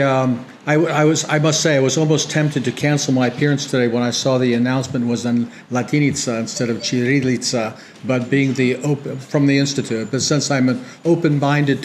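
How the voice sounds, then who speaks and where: A man's voice: mid-range voice, steady tone, a little fast, hardly any pauses, slight background noise. A middle-aged American man giving a lecture to an audience, ironic and dry, often restarting his sentences. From United States. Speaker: guest speaker. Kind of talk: public lecture with banter.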